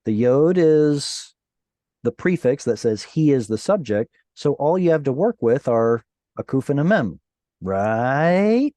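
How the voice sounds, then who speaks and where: A male Hebrew teacher leading an online class. He explains grammar in an unhurried, patient way and keeps quizzing his students with playful questions. His voice is soft and mellow, and the sound is dry and close. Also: mid-range voice, big pitch swings, no room sound. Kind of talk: online Bible Hebrew lesson. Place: online class over video call.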